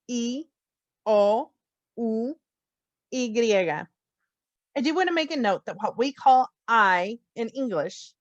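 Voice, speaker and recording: A woman teaching a phonics lesson, slowly spelling out letter sounds with clear, deliberate enunciation. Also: mid-range voice, dry recording, muffled recording. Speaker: Spanish teacher. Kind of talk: slow, careful phonics lesson.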